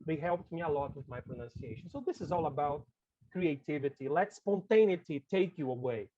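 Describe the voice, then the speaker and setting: Speaking a little high and fairly quickly, this Brazilian man, a native Portuguese speaker, has a warm tone as he chats with fellow teachers in an informal training session. His habit is ending lines with "okay?" or "right?", and the audio is dull with slight background noise.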